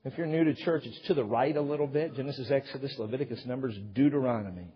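A man's voice: mid-range voice, quick pace, breathy edge. A middle-aged man preaching a sermon to a church congregation, telling a funny story with self-mocking humor and then building to emphatic points. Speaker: pastor. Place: church sanctuary. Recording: hall reverb, dull lo-fi sound.

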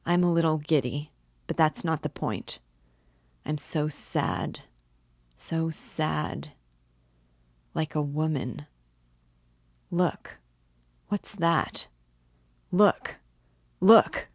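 A woman reading the lines of a feverish, weak young man who speaks in halting, distraught confessions. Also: deep voice, a little mellow, dry recording, lightly acted. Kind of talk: audiobook character reading.

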